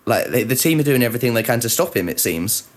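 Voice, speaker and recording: A man's voice: mid-range voice, expressive, fast. A man co-hosting a podcast in casual chat, wry and self-deprecating, often laughing as he talks. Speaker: podcast co-host.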